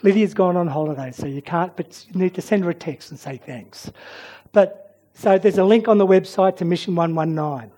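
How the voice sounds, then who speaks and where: A preacher giving a sermon and prayer who tells stories dramatically, swinging from loud emphasis to soft near-whispers. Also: mid-range voice, moderate pace.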